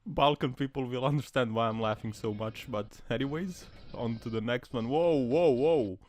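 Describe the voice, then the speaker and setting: A man, hosting a commentary over car crash clips, laughing often and bursting into loud excited exclamations. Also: medium pitch, moderate pace. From Serbia. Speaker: host. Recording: voice-over with clear traffic noise. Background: car and road sounds from the clips.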